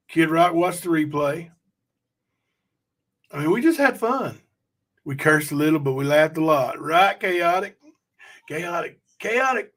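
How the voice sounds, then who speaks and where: Talking straight to his chat, this livestream host rambles in a loose, chatty way and reads out what viewers comment. His voice sits a little high with a fairly bright tone.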